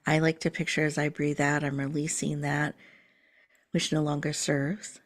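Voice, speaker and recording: A woman host leading a slow, soothing guided breathing meditation, sometimes dropping to a whisper. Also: sits low, flat delivery.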